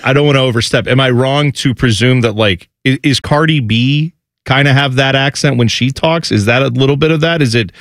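A man from New Jersey hosting a casual talk show, telling stories with lively imitations and reading sports news. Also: mid-range voice, a little fast, no echo, clean studio sound. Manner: animated storytelling, imitates relatives. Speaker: podcast host. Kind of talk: casual chat and news rundown.

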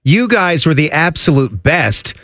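A man co-hosting a casual sports radio talk show, laughing often and jumping into quick asides. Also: fairly high pitch, very animated, pushed and bright, no echo.

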